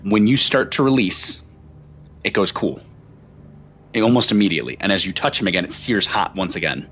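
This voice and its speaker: A man's voice: sits low, expressive, a little fast, a bit bright. A man narrating a tabletop game as game master, with vivid descriptive storytelling.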